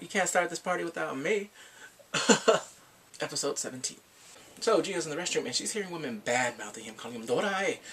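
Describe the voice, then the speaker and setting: A man excitedly recapping a drama in casual chat, laughing and acting out the characters' lines. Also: fairly high pitch, vocal fry, husky. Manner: animated, laughing, acts out characters in quick quotes. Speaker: drama reviewer.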